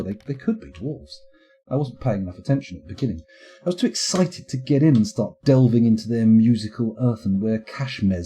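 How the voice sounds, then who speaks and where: A man's voice: mid-range voice, dark tone. A man streaming a game live, rambling and playful as he thinks aloud.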